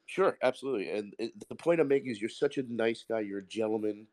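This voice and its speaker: A man's voice: on the low side, fast talker, a little mellow. A man, calling in to a live audio Q&A and speaking bluntly and at length. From the Bronx, New York. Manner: blunt, rambling and emphatic. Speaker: caller asking a question.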